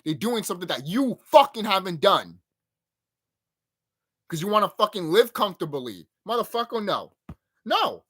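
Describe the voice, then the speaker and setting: Animated, swearing man ranting on his channel. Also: sits high, normal speed. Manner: animated, profane, emphatic. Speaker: channel host. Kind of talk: reaction rant.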